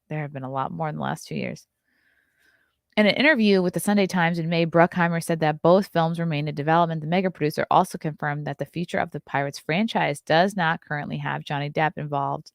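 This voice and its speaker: A woman's voice: sits low, fairly even intonation, a little fast, vocal fry, no echo, clean studio sound. A young adult woman hosting a casual morning talk show, reading news items aloud and breaking in with blunt, swearing asides. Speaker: podcast host.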